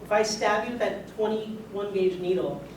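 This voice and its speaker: A man giving a medical lecture to a live audience, heard from a distance in an echoey room. He talks conversationally, putting questions to the audience. A steady hiss of noise sits under his voice. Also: high-pitched, normal speed. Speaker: doctor giving a talk. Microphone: far room mic.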